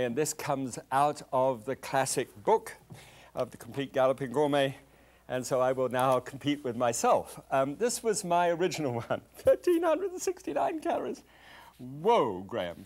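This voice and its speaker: A man's voice: mid-range voice, darkish tone. Older guy chatting through a recipe, eager and folksy, lots of ums. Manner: chatty, enthusiastic, with fillers. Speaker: cooking show host. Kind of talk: cooking demonstration.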